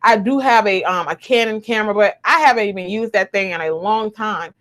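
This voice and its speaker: A woman's voice: medium pitch, fairly quick, a bit bright. A young adult woman, chatting emotionally to viewers on a live stream from home, repeating herself, recorded on a webcam or phone. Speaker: YouTuber. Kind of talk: casual live stream chat.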